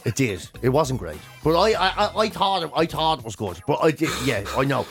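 A man's voice: on the high side, fairly quick, loud music behind the voice. An Irish man hosting a radio show, chatting casually and telling stories animatedly, often slipping into voices. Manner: animated storytelling, slips into voices. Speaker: radio host and comedian. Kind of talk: casual chat.

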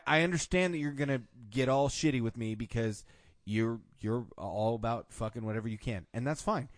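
A man holds forth on a podcast, blunt and swearing freely. His mid-pitched voice is recorded dry and close, with no room sound. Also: a little fast, no echo. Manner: blunt, profane, opinionated. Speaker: podcast host. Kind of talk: casual podcast chat.

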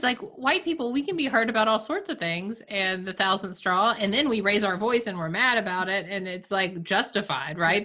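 A woman co-hosting a casual podcast, laughing often and talking in a lively, expressive way. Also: mid-range voice. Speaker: podcast co-host.

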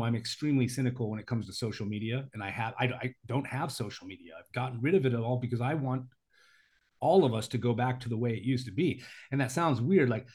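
Fired-up guy on a podcast, ranting emotional, lots of um and i mean, mid pitch. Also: a little mellow, breathy edge. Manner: heated, emotional ranting with fillers. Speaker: podcast co-host. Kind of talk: casual chat.

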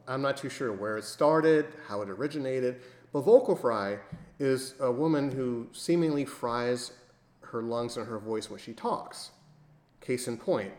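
A man hosting a podcast chat, trading dry, sardonic jokes and handing the floor to others. His voice sits at a middle pitch. The room around him rings with echo. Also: darkish tone. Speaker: podcast host. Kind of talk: casual chat. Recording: roomy echo.

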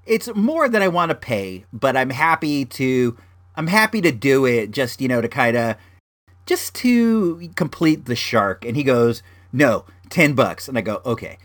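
A man's voice: mid-range voice, very animated, a little slow, a bit bright. A man casually telling a personal story on his show, rambling with lots of fillers and restarts.

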